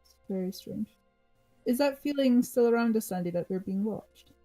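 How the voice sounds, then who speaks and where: A woman's voice: fairly high pitch, moderate pace, faint music behind, low-quality recording. A woman playing a tabletop game, talking casually and giggling often. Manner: giggly, animated. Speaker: player.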